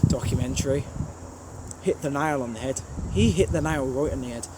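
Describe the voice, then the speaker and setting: A man's voice: mid-range voice, normal speed. A man with a strong Birmingham accent answering viewer questions in a casual vlog, blunt and rambling with plenty of fillers, recorded outdoors at a railway station. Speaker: trainspotting channel host. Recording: outdoor background noise.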